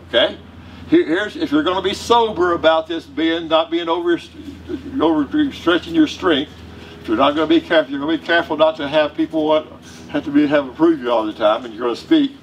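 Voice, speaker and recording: A male pastor with a Southern US accent preaching a sermon in a conversational, joking way to his congregation. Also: on the high side. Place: church sanctuary. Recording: distant mic with faint room noise.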